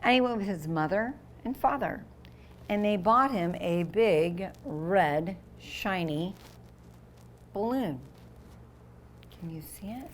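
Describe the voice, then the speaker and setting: Here the same kind of reading happens: a woman teacher shares a picture book with young kids, explaining words along the way and bringing the sound effects to life. She speaks in a mid-range voice, and there's a faint hiss or hum.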